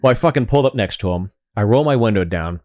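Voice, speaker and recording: A man's voice: lowish voice, expressive, fast talker, darkish tone, no echo, highs cut off. A man from Pittsburgh telling heated, profane anecdotes as a guest in a casual podcast chat.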